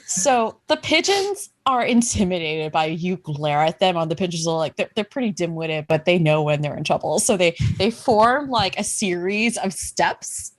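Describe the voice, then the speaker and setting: A woman game master narrates a tabletop role-play, giggling often and rambling through her scenes. Her voice swings widely in pitch, lively and animated. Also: moderate pace, few pauses.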